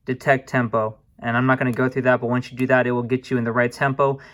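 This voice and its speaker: A young man casually walking viewers through music production software, relaxed and informal, often calling them guys and apologizing for small slips. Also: mid-range voice, quick pace. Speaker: music production tutorial host. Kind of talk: casual screen-recorded tutorial.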